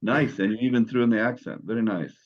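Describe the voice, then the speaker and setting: A man's voice: fairly low pitch, quick pace, highs cut off. A man teaching Greek in an online class, patient and encouraging as he explains step by step.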